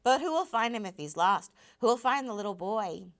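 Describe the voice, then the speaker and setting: A woman voicing a frightened young boy who pleads softly, while reading a novel aloud. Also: mid-range voice, animated, fairly quick, voice pushed up, lightly acted. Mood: scared. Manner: soft, pleading questions.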